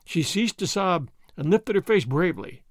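Man, audiobook narrator, expressive, high voice, animated pitch. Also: normal speed, no room sound, studio quality. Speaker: narrator and podcast host.

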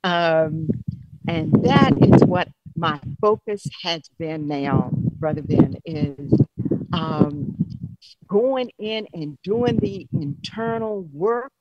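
A woman calling in to share slow, thoughtful, halting reflections. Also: fairly low pitch, animated, dull audio, background noise. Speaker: caller. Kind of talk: reflective call-in talk.

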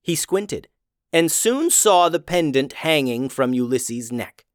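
Man, storyteller, fantasy narration, animated pitch, dry close sound. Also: takes it slowly, dry recording. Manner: expressive storytelling.

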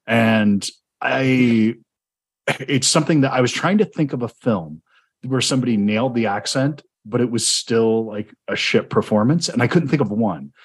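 Husky Southern man hosting a podcast. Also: mid-range voice, normal speed. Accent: Southern American. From Georgia, US. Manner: enthusiastic, rambling with restarts. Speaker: podcast host. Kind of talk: conversational film interview.

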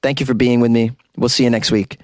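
A man's voice: medium pitch, level tone, fast talker, no room sound. Jokey American man, dry closet mic. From United States. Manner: jokey, self-deprecating, laughs often. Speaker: podcast host. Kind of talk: casual podcast outro, reading listener reviews. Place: small hot closet used as studio.

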